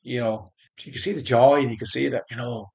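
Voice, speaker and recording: A man being interviewed, telling his personal faith story in a halting, earnest way with many restarts. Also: medium pitch, steady tone, vocal fry. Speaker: interview guest. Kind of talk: conversational faith testimony.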